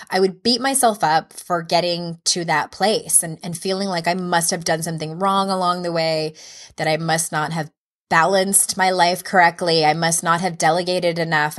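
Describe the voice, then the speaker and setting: Woman, 30s, life coach hosting a solo podcast; low-ish voice, candid and reflective. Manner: candid, self-reflective, encouraging.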